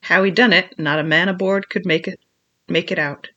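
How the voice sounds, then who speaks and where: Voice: mid-range voice, fairly even intonation, sharp tone, highs cut off. A reader doing a jumpy marooned old sailor. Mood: shrewd. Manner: old seafaring dialect, slow and pleading. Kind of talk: audiobook character voice.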